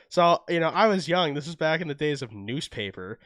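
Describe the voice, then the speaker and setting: A young Canadian man co-hosts a podcast and tells stories with lively energy, acting out what people said. His voice is smooth and clear, and it sits close to a dry microphone. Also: fairly high pitch, fairly quick, few pauses, dry recording. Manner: animated storytelling, acts out quotes. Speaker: podcast co-host. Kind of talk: casual chat.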